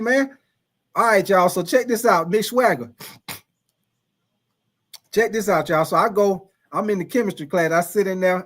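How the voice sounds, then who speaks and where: A man hosting a livestream, casually telling a profane story to his chat, laughing often and calling out viewers by name. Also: high voice. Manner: animated, laughing, profane, calls out chat names. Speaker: livestream host.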